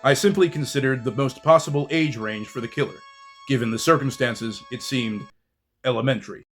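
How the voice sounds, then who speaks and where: A man voicing a calm, logical male alien science officer in a playful skit, explaining in a measured way. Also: medium pitch, soft background music, close to an everyday voice. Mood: coolly logical.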